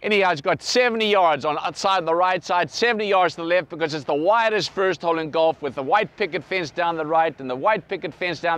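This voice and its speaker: Man, conversational storyteller, lively delivery, higher pitch, dry close recording. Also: no echo. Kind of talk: anecdotal storytelling.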